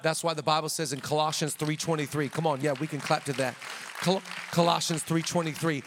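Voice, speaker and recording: A male pastor preaching a sermon in a church, energetic and emphatic, rallying the congregation. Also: a little high, brisk, in a large hall.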